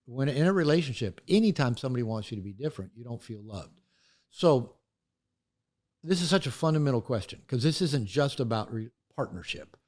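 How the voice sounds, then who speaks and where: Speaking a little fast in a medium-pitched voice, the older author and therapist gives a candid interview. He tells his stories with animation and acts out each quoted voice.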